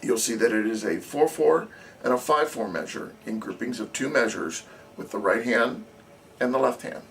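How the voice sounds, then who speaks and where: A man's voice: mid-range voice, normal speed, vocal fry. A man teaching snare drum technique as a drumline instructor, explaining methodically and counting beats aloud. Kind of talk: instructional demonstration. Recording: distant camera audio with faint noise.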